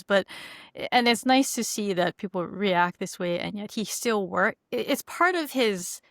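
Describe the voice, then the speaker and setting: A woman's voice: medium pitch, expressive, no echo, studio quality. A woman guest on a podcast, talking enthusiastically and laughing as she discusses a show. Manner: enthusiastic, laughs often, halting restarts.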